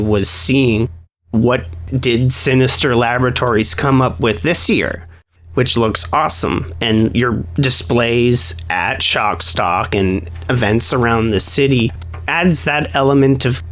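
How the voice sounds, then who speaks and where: A man's voice: medium pitch, fairly bright tone. A man from Canada hosting a casual podcast interview, easygoing and affirming in a wordy way. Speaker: podcast host.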